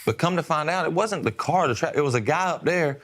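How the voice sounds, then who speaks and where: A man's voice: on the high side, lively intonation, quick pace, a bit bright. A man telling a funny travel story in casual chat, laughing often as he goes.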